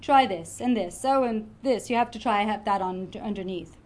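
A woman's voice: medium pitch, moderate pace, lightly acted. A woman reading the lines of an eager, pushy young woman friend in a storybook reading. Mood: bossy.

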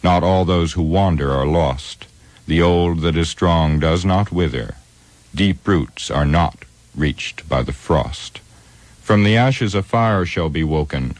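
A man's voice: low-pitched, dry recording, full character voice. A man voicing an elderly, feisty male hobbit who recites verse impatiently in an audiobook reading.

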